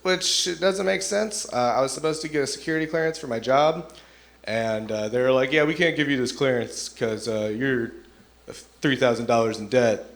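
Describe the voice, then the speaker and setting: A man's voice: medium pitch, moderate pace. Young guy doing standup, laid back, does little voices for people in his stories. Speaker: stand-up comedian. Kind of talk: stand-up comedy set.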